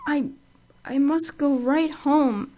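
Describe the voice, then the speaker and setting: A dazed young girl, as a woman reader puts her on drags out her few words slowly and thickly. The voice is a bit high, and the recording is dull and lo-fi. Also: steady tone, dark tone. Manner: slow, thick, dazed speech. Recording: dull lo-fi audio.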